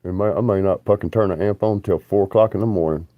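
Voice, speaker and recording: A man's voice: low-pitched, fast talker, no room sound, phone-quality sound. A man, rambling bluntly and profanely on a livestream.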